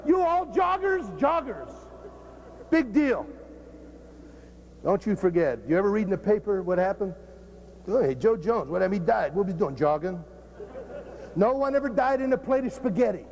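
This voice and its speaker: A man's voice: sits high, sing-song, moderate pace, pauses often, a little mellow, a little hiss or hum. A man who is a football coach, giving a joking, blunt, profane talk at a coaching clinic. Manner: blunt and profane, cracking jokes.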